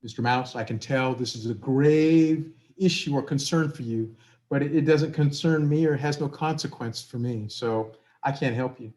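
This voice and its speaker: A man's voice: medium pitch, moderate pace, a little mellow, natural voice. Man as a prim storybook chicken, dismissive and formal.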